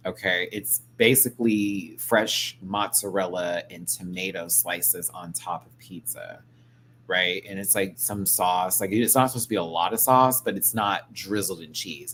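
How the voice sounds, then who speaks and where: A man's voice: low voice, slight background noise. A man hosting a live stream, chatting casually and campily, reading the chat and mimicking people. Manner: animated and campy, mimics people, reads chat aloud. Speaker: live-stream show host.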